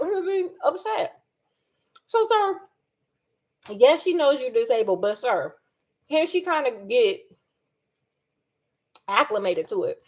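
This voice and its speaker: Woman vlogger, high voice, animated and sassy, casual kitchen chat. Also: slow pace, pauses often. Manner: animated and sassy, acts out quotes. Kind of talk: casual chat while cooking.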